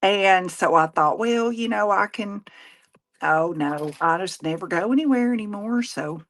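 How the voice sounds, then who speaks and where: A woman's voice: mid-range voice, measured pace, fairly bright tone. A woman, chatting casually and folksily while she crafts, rambling and laughing often. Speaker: craft show host; nurse.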